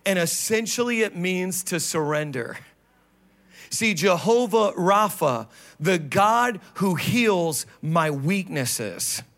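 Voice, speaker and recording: A male pastor preaching a sermon on stage, animated and playful, with sudden drops into low, quiet emphasis. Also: takes it slowly. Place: church stage.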